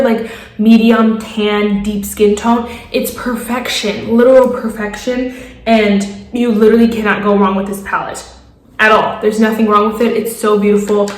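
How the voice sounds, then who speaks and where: Gushing young woman in an echoey room. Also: fairly high pitch. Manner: gushing, enthusiastic, repetitive praise with frequent laughs. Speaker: beauty vlogger. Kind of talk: casual product review.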